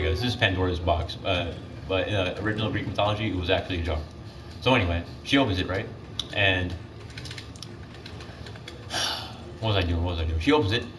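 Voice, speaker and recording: Mid-game, a teenage boy rambles through retellings of myths, piling up fillers and correcting himself along the way. His voice sits somewhat low. The mic is set back from him, with steady background noise running underneath.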